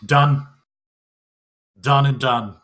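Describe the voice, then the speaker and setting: A man's voice: mid-range voice, drawn-out words, fairly bright tone, a little hiss or hum. A man at a tabletop game speaking emphatically and sternly to the group. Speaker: player. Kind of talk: tabletop role-play chat.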